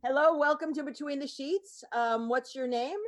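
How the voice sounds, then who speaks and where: Woman radio host, bright upbeat chatter, slightly high voice, runs the call-in lines. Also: normal speed. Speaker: radio talk show host. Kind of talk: live call-in radio hosting.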